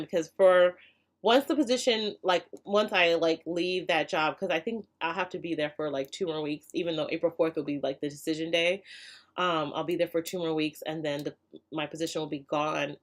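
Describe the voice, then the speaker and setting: A young adult woman hosting a casual live stream chat, talking in a chatty, heartfelt way and laughing often. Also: fairly low pitch. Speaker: hair care channel host.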